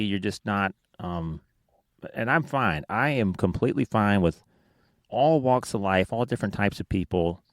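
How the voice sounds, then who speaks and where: A man hosts a casual podcast in a low voice. He talks in a measured, easygoing way and asks questions. The sound is dry and close to the mic. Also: dry recording. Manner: measured, interviewer asking questions. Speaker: podcast host. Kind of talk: casual chat.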